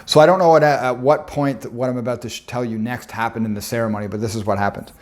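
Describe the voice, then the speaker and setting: A man's voice: medium pitch, fairly even intonation, quick pace. A young man telling a personal story in an earnest, intense way, often stopping to restart his words.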